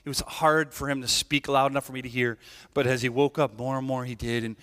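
Brisk and fairly bright, with a mid-range voice that barely shifts in pitch, this pastor of Irish heritage gives a conversational sermon in a reverberant church hall. Tag questions like "right?" and frequent restarts run through his talk.

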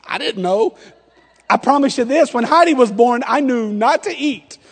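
A long hall reverb rings behind a pastor in his thirties as he preaches with a strikingly high, slightly breathy voice. He tells a playful sermon story at a moderate pace, with lively intonation, acting out every back-and-forth.

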